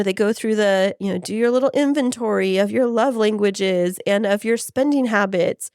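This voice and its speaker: A woman's voice: mid-range voice, a little mellow, no room sound, clean studio sound. A woman co-hosting a podcast, telling personal stories in a candid, chatty way. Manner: candid, storytelling, many "like" fillers. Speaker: podcast co-host. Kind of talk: casual podcast conversation.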